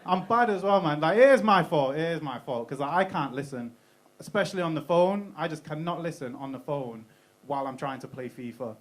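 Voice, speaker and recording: Young british guy doing stand-up, pretty high voice, swears a lot, cracks up at his own jokes. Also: expressive, fairly quick. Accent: British English. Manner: casual, profane, laughing at his own jokes. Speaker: stand-up comedian. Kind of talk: stand-up comedy set. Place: comedy club stage.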